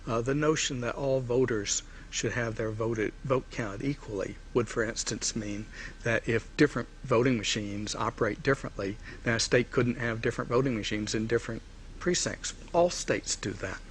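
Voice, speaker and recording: A man's voice: medium pitch, moderate pace, slight background noise. A man interviewed for a documentary, explaining with small restarts.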